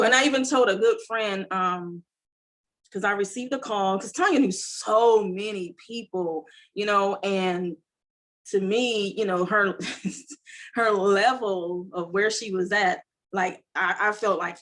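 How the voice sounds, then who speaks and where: A woman's voice: mid-range voice, a little slow. Heartfelt rambling woman guest. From United States. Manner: rambling, heartfelt, many fillers. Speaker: entrepreneur guest. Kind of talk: emotional conversational interview.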